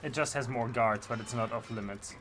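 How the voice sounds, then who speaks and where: A man's voice: medium pitch, a little fast, fairly bright tone. A man streaming a video game, rambling in passionate, opinionated casual commentary. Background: game music.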